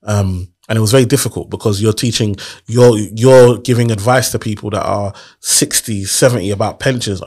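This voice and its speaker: A man speaks in a slightly low voice. He sounds earnest and motivational in a relaxed interview and keeps posing rhetorical questions. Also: normal speed, hardly any pauses, breathy edge. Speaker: guest. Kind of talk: casual interview storytelling.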